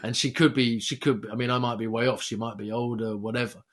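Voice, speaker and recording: A man's voice: mid-range voice, quick pace. A young man, telling a story animatedly and with lots of swearing as a podcast co-host. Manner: animated, swearing, jumps into quoted voices. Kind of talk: casual storytelling chat.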